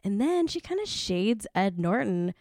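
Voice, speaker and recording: A woman hosting a chatty celebrity news recap, gossipy with animated asides. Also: medium pitch, a little slow, no echo, studio quality.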